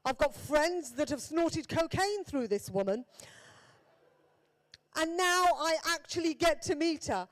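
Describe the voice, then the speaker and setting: Chatty Birmingham-accented comedienne. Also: female voice, high-pitched, lively intonation. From England. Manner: chatty, self-deprecating, with quick asides to the audience. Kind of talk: stand-up set.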